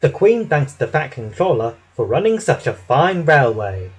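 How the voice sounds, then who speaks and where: A man reading a children's picture book aloud in an expressive, lively way. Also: mid-range voice, moderate pace, slightly rough, poor audio. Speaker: storybook narrator.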